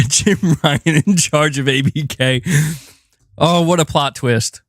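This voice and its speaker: A man doing casual live-stream commentary on gaming news, animated and slangy, laughing often and acting out mock exchanges. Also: a little high, slow pace, no echo, studio quality.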